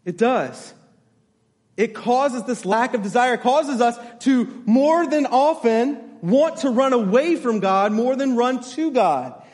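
A man's voice: extremely high pitch, expressive, takes it slowly, a little mellow, long reverb tail. A man pastor delivering a sermon, emphatic, repeating his key phrases and checking in with the congregation.

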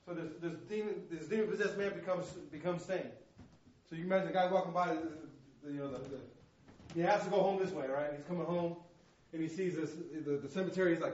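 A man preaches with passion, telling the story and acting out its voices. His voice sits a little high, and he often repeats his words as he pushes on. The recording is lo-fi and dull, with echo from the room. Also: quick pace, darkish tone, a little hiss or hum. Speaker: missionary preacher. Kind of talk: sermon. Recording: echoey room, dull lo-fi sound.

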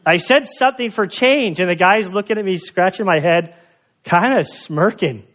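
Higher-voiced male pastor telling stories. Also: normal speed, a bit bright, highs cut off. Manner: casual storytelling, conversational with fillers. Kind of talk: sermon.

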